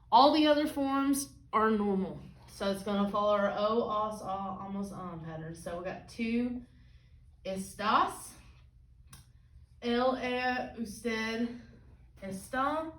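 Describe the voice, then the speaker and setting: A woman's voice: medium pitch, distant mic. A woman teaching a Spanish lesson at a whiteboard, asking "okay?" after nearly every phrase. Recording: echoey room, voice from off-mic.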